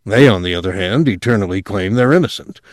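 A man's voice: lowish voice, animated, quick pace, dry recording, studio quality, lightly acted. A man voicing an ambitious young male official who speaks breezily and agreeably. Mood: assured. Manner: breezy, eager, smoothly agreeable.

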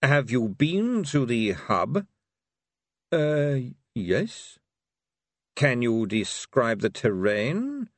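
A man voicing a cool, calculating male city ruler who speaks slowly, with dry precision. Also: mid-range voice, very animated, no echo, heavily acted. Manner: slow, measured and dry.

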